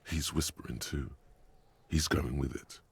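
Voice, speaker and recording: A man voicing the grave, calm inner narrator of a video game, with a deep gravelly voice. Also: heavily acted. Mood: ominous. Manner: calm, ominous, measured.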